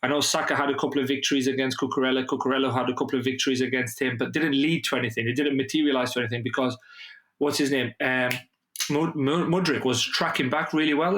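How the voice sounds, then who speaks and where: Guy ranting about football on a podcast, swears a lot, echoey room. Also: medium pitch. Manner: animated, swears freely. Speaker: podcast co-host. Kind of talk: casual football chat. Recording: roomy echo.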